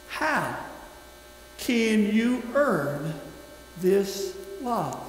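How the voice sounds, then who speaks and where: A man preaching a sermon in a church, emphatic and deliberate, leading the congregation in call-and-response. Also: very high voice, animated, fairly bright tone, slight background noise. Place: church sanctuary. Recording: echoey hall from a distance.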